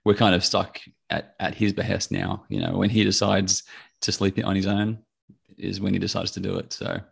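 Low flat gravelly guy, husky, mostly says mm and yeah. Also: normal speed. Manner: brief backchannel agreement. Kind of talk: casual discussion.

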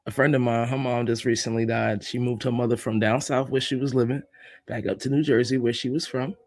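Hosting his podcast solo, a man from Brooklyn, New York, tells jokes and chatty stories full of laughter. His mid-range voice keeps a fairly even intonation, runs a little fast, and carries no room sound.

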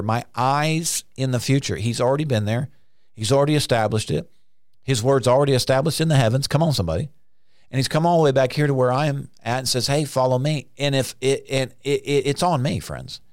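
A man preaching a conversational sermon, now and then acting out frantic voices in sudden high bursts. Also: creaky, no echo, clean studio sound.

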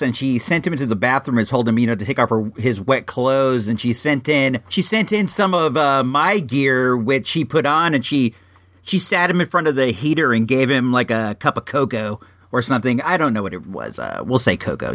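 A man in his forties, from Illinois, telling a casual personal anecdote with frequent restarts and lively asides. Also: on the high side, dry recording. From Illinois, USA. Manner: rambling, frequent restarts, animated. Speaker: storyteller.

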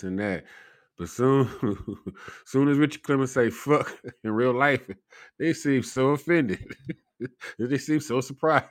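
A man's voice: mid-range voice, no echo, studio quality. A man hosting a podcast, telling a rambling story in casual talk and laughing often through it. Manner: loose, rambling delivery full of fillers and profanity. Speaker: podcast host.

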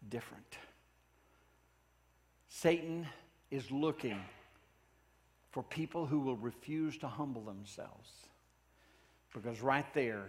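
A man preaching a sermon in a church, earnest and pleading, often dropping his voice to a hush for emphasis. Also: mid-range voice, breathy edge, in a large hall. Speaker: pastor.

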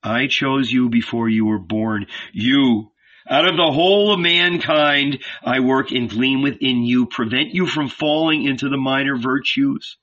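A man reads the part of a calm, insistent archangel, speaking slowly with measured command and persuading rather than raging. His mid-range voice has a bright tone and is only lightly acted. The dull lo-fi recording gives it a muffled audiobook sound.

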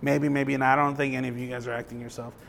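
A man's voice: medium pitch, little pitch movement, fast talker, creaky, fairly bright tone, a little hiss or hum. A young adult man, a pastor, preaching a sermon in a conversational way, often checking in with the congregation and reading scripture aloud with rising emphasis.

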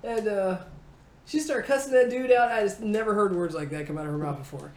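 A comedian in her forties tells a childhood story in an interview, lively and laughing, acting out the people in it. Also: mid-range voice, a little fast. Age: 40s. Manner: animated, acting out voices, laughing. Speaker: comedian guest. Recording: roomy echo, faint noise.

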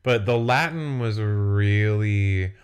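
A man's voice: lowish voice, takes it slowly, clear, resonant tone. A man casually chatting with a co-host about a TV episode, wry and offhand, swearing at times. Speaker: podcast co-host. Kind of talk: casual chat recapping a TV episode.

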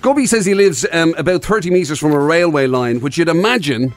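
Irish radio host, fairly high voice. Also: male voice, brisk, no room sound, faint music behind. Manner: relaxed, reads out listener messages. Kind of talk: casual morning radio chat.

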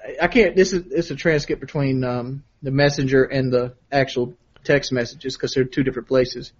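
A man's voice: mid-range voice, fairly even intonation, moderate pace, muffled recording. A man in casual chat, telling a story and reading out text messages, often repeating himself.

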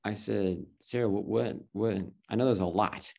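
A man in his thirties, appearing as a guest and an adoptive father, tells a personal story in casual conversation. His lowish voice is creaky and dark-toned at a moderate pace, and he rambles, restarts, and acts out quotes.

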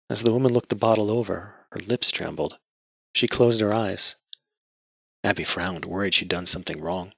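A male audiobook narrator reads in a measured storytelling manner. His low voice is husky yet bright. The recording is dry and dull, like lo-fi audio. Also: dry recording. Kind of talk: scripted narration.

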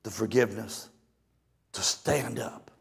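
A man's voice: lowish voice, a little slow, gravelly, slightly rough. A male pastor telling a folksy story in a conversational sermon. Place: church or camp meeting hall. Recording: long hall reverb.

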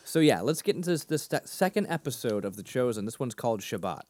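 A man's voice: medium pitch, sing-song, darkish tone, dry recording. A man in his thirties from near Boston, co-hosting a podcast in a casual, rambling way and laughing at his own jokes. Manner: rambling, self-deprecating, quick to laugh. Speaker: podcast co-host. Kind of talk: casual chat.

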